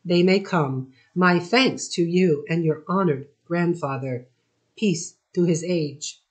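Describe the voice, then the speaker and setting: A woman's voice: fairly low pitch, takes it slowly. A woman reading the part of a dignified, courteous immigrant father who speaks in formal, ceremonious phrases. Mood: gentle.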